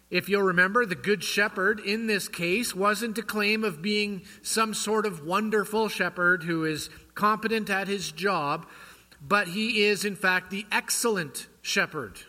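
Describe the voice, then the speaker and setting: Bright-voiced male pastor in echoing church. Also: sits high. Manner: quizzes the congregation with rhetorical questions. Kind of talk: sermon. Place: church sanctuary. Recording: long church hall reverb.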